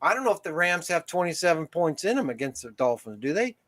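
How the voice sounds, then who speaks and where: This football stream host, fairly high-voiced for a man, races through his picks with big swings in pitch and a slightly bright tone. He keeps circling back to restart his thoughts in the casual talk.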